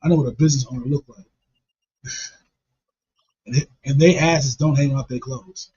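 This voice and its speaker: A man who talks low and soft in a flat, monotone way, riffing crude jokes in casual banter. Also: moderate pace, slightly rough. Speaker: comedic podcast co-host. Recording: dull lo-fi recording.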